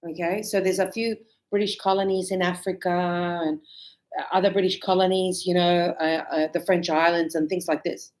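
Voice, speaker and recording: A woman teaching a relaxed spoken lesson, chatty and animated as she tells stories and laughs often. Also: fairly low pitch, normal speed. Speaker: English teacher. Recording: echoey room.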